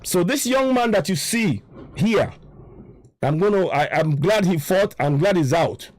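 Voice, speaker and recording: Nigerian man, Yoruba accent, high lively voice, dry close sound, fired-up preachy rant. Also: unhurried, no room sound. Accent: Nigerian English, Yoruba. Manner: frustrated, preaching, repeats himself for emphasis. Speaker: online commentator. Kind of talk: impassioned political monologue.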